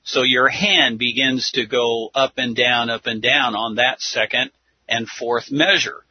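A man's voice: mid-range voice, steady tone, measured pace, a little hiss or hum. A man giving a religious teaching talk, explaining step by step and counting things out, on a dull lo-fi recording. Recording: dull lo-fi sound.

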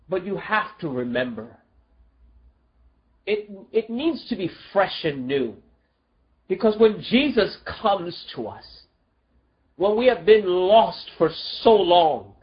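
A preacher delivering an emotional, pleading sermon full of rhetorical questions, dropping low and soft at tender moments. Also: muffled recording.

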